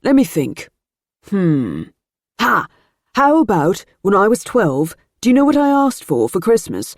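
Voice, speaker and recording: A woman's voice: mid-range voice, big pitch swings, a little slow, no echo, studio quality, voice pushed up. A woman doing an eager, jokey young man. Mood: playful. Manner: jokey, obliging.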